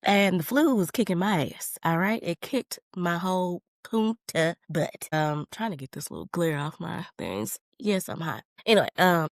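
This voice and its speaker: A woman hosting a podcast, talking in a loose, slangy with big playful swings in pitch and volume. Her voice sits fairly low for a woman, and the close, dry recording has almost no room sound. She is still getting over the flu. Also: animated, normal speed, few pauses, dry recording. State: recovering from flu. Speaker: podcast host. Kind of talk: casual chat.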